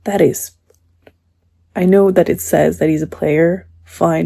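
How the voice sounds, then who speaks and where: A woman's voice: fairly low pitch, steady tone, measured pace, vocal fry, dark tone. A woman book vlogger chatting casually at home, recorded on the camera's own mic. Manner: chatty, talks baby talk to her cat. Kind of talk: casual vlog chat. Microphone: camera mic, no external mic.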